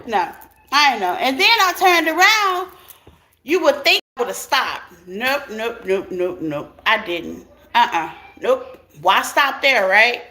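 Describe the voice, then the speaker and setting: A woman with a fairly high voice chats her way through a tarot reading. She laughs often and talks straight to her viewers, with clear background noise running under the recording. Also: big pitch swings, slow, pushed and bright. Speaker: tarot reader.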